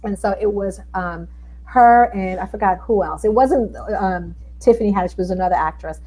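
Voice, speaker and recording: A middle-aged woman, a guest telling stories in a casual interview chat, animated and acting out the people she quotes. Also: mid-range voice, moderate pace, poor audio. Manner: animated storyteller, acts out quotes.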